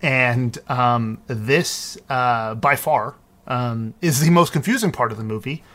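A man's voice: mid-range voice, slow, a bit bright. A man casually recapping a movie on a podcast, talking loosely with lots of ums and restarts. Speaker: podcast co-host. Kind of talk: casual film recap chat.

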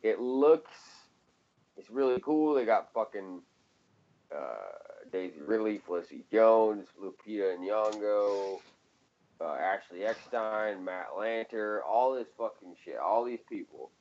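A man's voice: on the low side, animated, unhurried, highs cut off. A man co-hosting a casual podcast chat, profane and ranting, laughing often. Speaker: podcast co-host.

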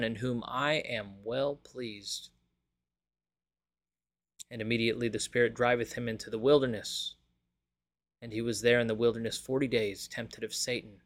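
A man with a mid-range voice hosts a daily Bible reading. He prays and reads scripture aloud in a measured, reverent manner.

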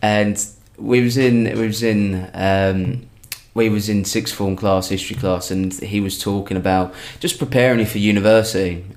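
A young man tells a story in a relaxed, chatty way. His voice sits on the low side, and he keeps restarting and correcting himself as he goes. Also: normal speed. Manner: rambling, self-correcting anecdote telling. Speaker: comedian guest. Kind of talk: casual storytelling.

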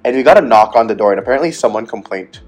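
A man's voice: medium pitch, very fast. Young man rambling casually, faint music. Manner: relaxed, rambling, with lots of fillers like "like". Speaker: student podcast co-host. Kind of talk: casual chat.

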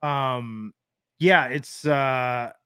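A man's voice: medium pitch, drawn-out words, bright, forceful tone, clear, resonant tone, dry recording, clean studio sound. A man in his thirties co-hosting a casual podcast, rambling and thinking aloud with fillers. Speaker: podcast co-host. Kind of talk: casual wrestling podcast chat.

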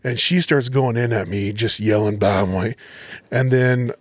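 A man's voice: medium pitch, unhurried, husky, no echo. Male podcast guest, police officer, casual storyteller, dry studio sound. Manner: relaxed, animated storyteller acting out quotes.

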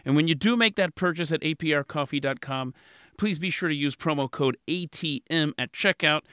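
Brisk and a little high, this man's voice sounds bright, forceful, clear and resonant as he hosts a podcast interview and reads an ad. He pokes fun at himself, laughing whenever he slips up. The sound is dry and studio-clean.

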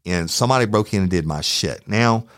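A man's voice: fairly low pitch, a little fast, no echo, clean studio sound. A middle-aged man, hosting a true crime podcast and telling a story in a heated, profane way. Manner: profane, heated, animated retelling. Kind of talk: storytelling, casual monologue.

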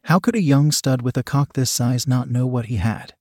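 Guy reading a spicy story out loud, steady mid voice, dry close mic. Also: medium pitch, normal speed, dry recording. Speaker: narrator. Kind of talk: reading an erotic story aloud.

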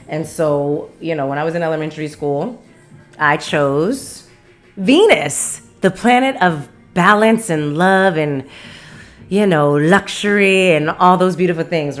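A woman's voice: low-pitched, a bit bright. A woman in her thirties from Las Vegas hosting her own podcast, chatting casually with rambling asides and frequent laughter. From Las Vegas, Nevada. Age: 30s. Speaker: podcast host. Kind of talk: casual solo podcast chat. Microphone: studio mic on camera.

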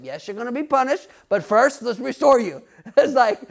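A gravelly, very high male voice with big pitch swings, delivered at a moderate pace. The speaker is a pastor giving an emphatic sermon right to his congregation, regularly asking them questions and occasionally laughing.

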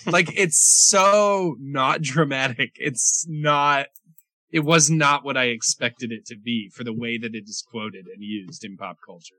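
A man's voice: mid-range voice, measured pace, pushed and bright, no echo. A man co-hosting a podcast, reviewing movies in casual chat and laughing often. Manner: laughs often, trails off into quoting scenes.

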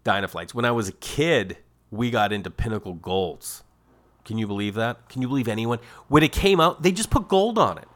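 A middle-aged podcast host from Massachusetts talks briskly in a medium-pitched voice. His comedic, casual monologue is animated storytelling that keeps jumping into exaggerated quoted voices.

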